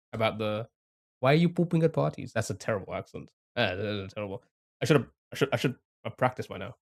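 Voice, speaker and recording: A man's voice: fairly high pitch, darkish tone. A young man streaming a game live, thinking aloud, chatting to viewers and laughing often. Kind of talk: casual live-stream commentary.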